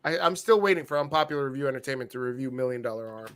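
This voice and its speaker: A man co-hosting a casual wrestling review show, animated and joking, swearing freely. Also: mid-range voice, rapid-fire. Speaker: podcast co-host.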